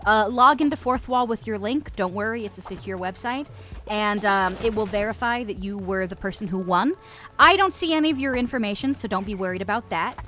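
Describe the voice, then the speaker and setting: A woman's voice: medium pitch, fairly quick, fairly bright tone, faint music behind. A woman in her twenties streaming a game, chatting casually and swearing with her viewers. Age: 20s. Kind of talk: casual gaming stream chat.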